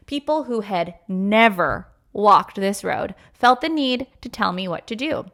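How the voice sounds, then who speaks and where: A woman's voice: lively intonation, unhurried, hardly any pauses, a bit bright. A woman hosting a faith podcast, talking earnestly and emotionally about her own experience, with many fillers and acted-out quotes. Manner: acts out quoted voices with sudden pitch jumps. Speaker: podcast host. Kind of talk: personal faith podcast monologue.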